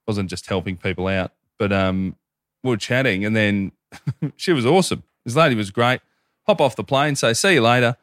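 A man, in his thirties, telling crude and profane stories in a casual chat. His voice sits a little low, and the sound is dry and close to the mic. He slips into lively put-on voices when he quotes people. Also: moderate pace, no echo.

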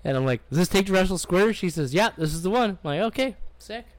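A Canadian podcast co-host tells a rambling travel story in casual chat, swearing a lot and acting out what people said. His voice is high, animated, and fast, with no room sound.

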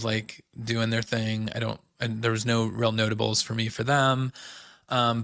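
A man hosts a casual recap podcast, talking loosely with plenty of fillers and quick quoted asides. His voice is gravelly with fry and stays fairly flat in pitch. The sound is dry and close. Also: dry recording. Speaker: podcast host recapping reality TV. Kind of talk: casual chat.

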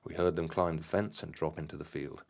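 Deep-voiced man reading his story. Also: fairly even intonation, vocal fry, a little mellow. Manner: measured, slightly halting reading. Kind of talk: reading a personal account aloud with asides.

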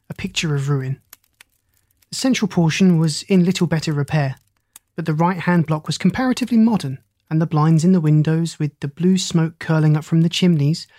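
An audiobook narrator reading a classic story in a steady, descriptive, formal manner. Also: medium pitch, no echo.

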